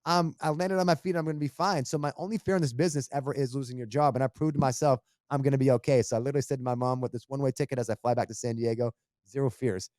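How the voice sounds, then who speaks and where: A man's voice: mid-range voice, steady tone, very fast, mellow, no room sound, studio quality. A middle-aged man, a radio host, telling his career story in a casual, earnest and emphatic way. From Boston area. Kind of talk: casual interview talk.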